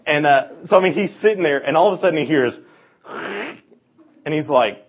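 Husky man teaching a youth lesson. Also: on the high side, normal speed, pauses often. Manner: animated storytelling with acted voices. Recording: dull lo-fi recording.

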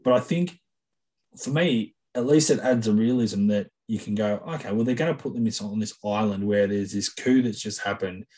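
A man's voice: lowish voice, moderate pace, warm tone, rough recording. A man co-hosting a casual podcast about a film, thoughtful and hedging, often repeating himself as he works out a point.

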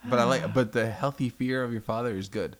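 A man co-hosting a podcast in casual chat, blunt and quick to swear. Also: mid-range voice, fairly even intonation. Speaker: podcast co-host.

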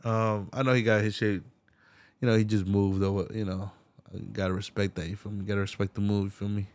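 Laid-back slangy man, low and dry. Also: fairly quick, dry recording. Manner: laid-back slangy talk, swears a lot, animated when retelling scenes. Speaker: podcast host. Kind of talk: casual solo podcast rant.

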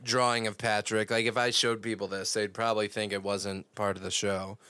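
Young guy podcaster, lowish smooth voice, dry close sound, rambly recap w/ swearing. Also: little pitch movement, moderate pace, bright, forceful tone, dry recording. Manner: rambling play-by-play with fillers and swearing. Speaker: podcast co-host. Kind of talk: casual episode recap chat.

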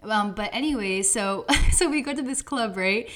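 A young woman co-hosting a podcast, telling animated stories in casual chat and acting out quotes. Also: normal speed. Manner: animated storytelling, acts out quotes in a high voice. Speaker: podcast co-host.

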